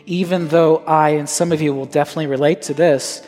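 An earnest male pastor preaches and prays in a church sanctuary, his voice trailing into a long hall reverb. Soft guitar plays under him. He swings from raised, emphatic lines to hushed, prayerful ones. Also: a little high, steady tone, a little fast, few pauses. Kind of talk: sermon and communion liturgy.

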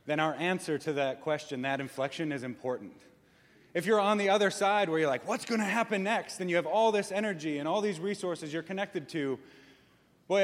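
A man speaking as a pastor to his church, playful and acting out little voices to make his points. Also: fairly high pitch. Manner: playful, acts out voices for effect. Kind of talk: church announcement talk. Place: church sanctuary. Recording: long reverb in a large room.

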